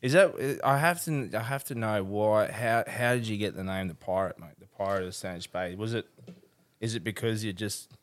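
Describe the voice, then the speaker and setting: A man with a lowish voice hosts a podcast in a casual chat. He asks loose questions and keeps his reactions short. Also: normal speed. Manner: short reactions, laughs along. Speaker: podcast host.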